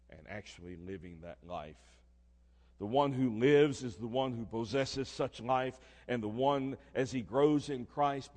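An older man preaching a sermon in a church, swinging from soft, low murmurs to loud, emphatic declarations. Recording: long reverb of a church hall.

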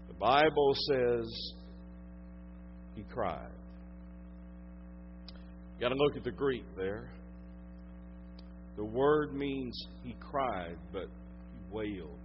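A man with a Southern US accent, preaching a sermon as a pastor. He swings from loud emphasis to hushed tones and draws out his phrases. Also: medium pitch, highs cut off.

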